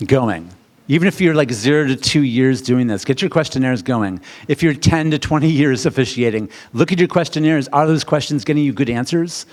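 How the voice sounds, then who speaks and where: A middle-aged American man, a wedding officiant, presenting to a seminar audience in an animated, theatrical way, jumping to loud, high questions.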